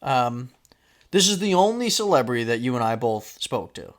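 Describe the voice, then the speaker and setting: A man's voice: mid-range voice, big pitch swings, moderate pace. A man co-hosting a comedy podcast, telling a story in casual chat and teasingly reading out quoted lines. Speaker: podcast co-host. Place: podcast studio.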